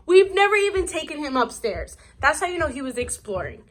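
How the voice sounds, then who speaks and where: A woman's voice: high voice, very animated, brisk. A young woman casually commenting on home video footage she is filming, chatty and exasperated. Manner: chatty, exasperated while showing damage. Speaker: vlogger.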